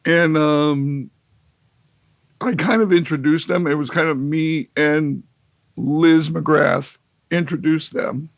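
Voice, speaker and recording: A man's voice: a little high, slow, vocal fry, dry recording. A man telling a long, wry, rambling story as an interview guest, with lots of fillers and restarts. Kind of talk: casual storytelling.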